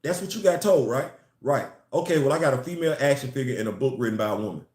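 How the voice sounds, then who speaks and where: A man's voice: medium pitch, lively intonation, fast, a little mellow, echoey room. A man giving a casual, emphatic opinion vlog on comics and culture, repeating his phrases to drive points home.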